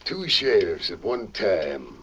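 A man's voice: deep voice, very animated, slow pace, a bit bright, a little hiss or hum, exaggerated voice. A man playing a sneering, cowardly outlaw boss who mocks and gloats, acted in old radio drama style. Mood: gloating. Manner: mocking, gloating. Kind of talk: 1940s radio drama acting. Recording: dull old radio recording.

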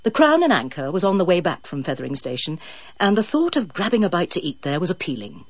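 A woman reading an audiobook in measured scripted narration. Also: fairly low pitch, huge pitch swings, no room sound, muffled recording.

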